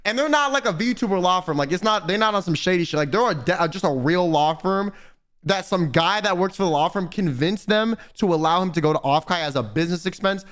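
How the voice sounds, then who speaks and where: A young man streaming, telling stories in casual, profane, animated chat. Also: sits high, fairly quick.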